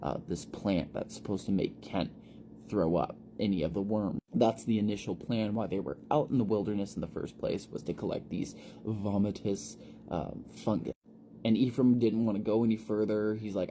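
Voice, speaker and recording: A man casually recapping a story in a relaxed, conversational way. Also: lowish voice, moderate pace, a little hiss or hum.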